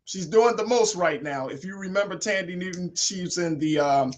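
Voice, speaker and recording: A man hosting a casual news commentary show, animated and emphatic as he reads quotes aloud. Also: high voice, normal speed. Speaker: talk show host.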